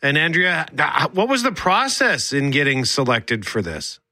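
A male radio host introducing his guest in an upbeat announcer manner. His voice is bright and forward. The studio sound is dry. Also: fairly high pitch, sing-song, measured pace, no room sound. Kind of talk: radio interview.

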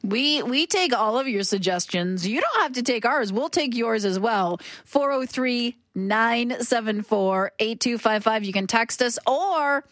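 Female radio co-host, lively and opinionated, quick banter; dry studio mic. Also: a little high, no echo. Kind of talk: casual chat on air. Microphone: studio microphone.

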